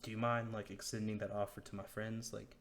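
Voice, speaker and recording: A man voicing a chummy, tip-hungry male orc cart driver who talks in casual slang, sometimes dropping to a hush. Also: fairly low pitch, animated, moderate pace, a little hiss or hum. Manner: casual, slangy, hushed and conspiratorial.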